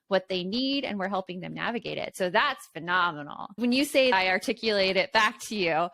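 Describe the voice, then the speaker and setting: A woman's voice: mid-range voice, a bit bright. A woman co-hosting a parenting podcast, talking earnestly in casual chat and laughing easily. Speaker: podcast co-host.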